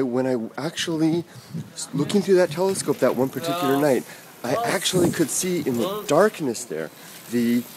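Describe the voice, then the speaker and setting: A man's voice: medium pitch, very noisy. Rambling man telling a story outdoors. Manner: rambling, halting with many fillers and restarts. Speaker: vlogger. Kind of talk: casual storytelling vlog. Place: outdoors on an early-morning walk.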